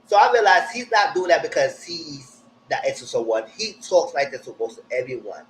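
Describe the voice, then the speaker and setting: A man giving a blunt, slangy live recap of a TV show, jumping up high in pitch when he quotes people. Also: normal speed, slight background noise, low-quality recording. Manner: animated, jumps high when quoting people. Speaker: TV recap streamer. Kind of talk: live casual TV recap commentary.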